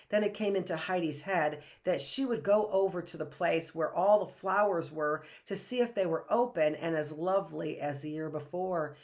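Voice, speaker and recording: A woman with a low, even voice reads a storybook aloud the way a teacher would. She takes her time, stays gentle, and now and then stops to restart a word. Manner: slow, gentle reading with small restarts.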